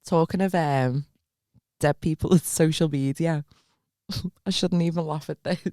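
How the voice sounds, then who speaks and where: A woman's voice: deep voice, measured pace, mellow, no echo, clean studio sound. A young woman, co-hosting a podcast in a giggly, chatty way. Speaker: podcast co-host. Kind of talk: casual chat.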